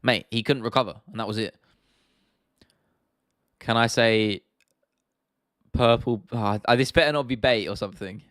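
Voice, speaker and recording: A young man with a London accent talks casually on a livestream, answering viewer comments in a loose, rambling way. His voice sits fairly low. The sound is dry and close to the mic. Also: measured pace, pauses often, fairly bright tone, dry recording. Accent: London English. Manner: chatty, reads and answers viewer comments, frequent restarts and "man", "bro", "mate". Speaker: livestream host.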